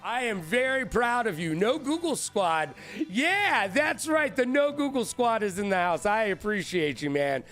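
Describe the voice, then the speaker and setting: A man hosting a live-streamed trivia show, hyped and playful, shouting out viewers by name. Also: sits high, very animated, a little slow, faint music behind.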